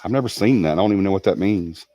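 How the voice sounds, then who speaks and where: Deep-voiced Southern man chatting on a livestream. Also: very fast, dark tone, no room sound. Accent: Southern American. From Alabama. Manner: rambling, chatty, reads viewer comments aloud. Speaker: livestream host. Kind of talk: casual livestream chat.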